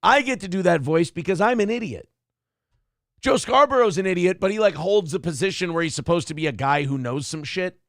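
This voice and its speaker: This male podcast host sounds high and gravelly, his pitch swinging wildly as he fires off profane, sarcastic digs in a mocking, comic rant. His intonation is lively, his pace fairly quick, and his tone fairly bright, all captured dry and up close without echo.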